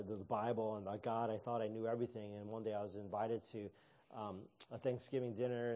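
A man preaching a sermon in a relaxed, conversational manner. His voice is mellow and dark, and he talks with casual fillers and restarts as he goes. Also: fairly low pitch. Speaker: pastor.

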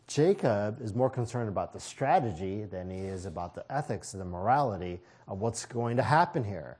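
A man's voice: on the low side, animated, moderate pace, few pauses, a little mellow, husky. A man preaching a sermon, reading scripture and explaining it in a conversational way with casual asides.

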